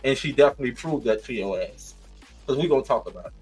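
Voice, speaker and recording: A man's voice: medium pitch, fast, husky, soft background music, low-quality recording. A man reviewing a reality show, cursing, laughing often and talking with sass. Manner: profane, sassy and animated, laughing often. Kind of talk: casual commentary rant.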